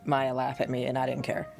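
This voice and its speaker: A woman from the United States, a podcast host and mother, telling family stories in an animated, casual way and laughing often. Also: a bass voice, creaky.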